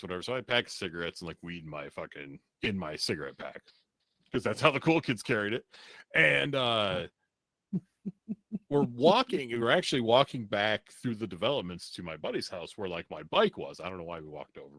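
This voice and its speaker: A man's voice: on the low side, bright, forceful tone, no room sound. A man on a podcast telling a rambling, profane story in a casual way, laughing now and then.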